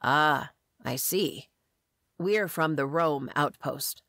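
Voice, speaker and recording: A woman's voice: low-pitched, slow pace, fairly bright tone, dry recording, studio quality, heavily acted. A woman voicing a tall adult male demon hunter in a storybook reading, speaking in a terse, guarded way.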